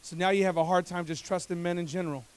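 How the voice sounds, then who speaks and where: A man preaching as a pastor, moving from hushed, confiding passages to loud, climbing exhortations. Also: high-pitched, steady tone, fast, smooth. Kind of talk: sermon.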